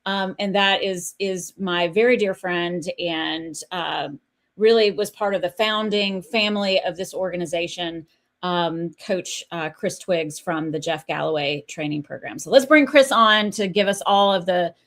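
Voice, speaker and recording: A woman race director welcoming viewers on a livestream, enthusiastic and a little halting. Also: fairly low pitch, fairly bright tone.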